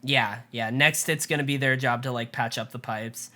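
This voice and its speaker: A woman co-hosting a casual TV recap chat, retelling scenes with lively quoted asides. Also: extremely low pitch, normal speed. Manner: chatty, animated retelling with quoted asides and laughs. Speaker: podcast co-host.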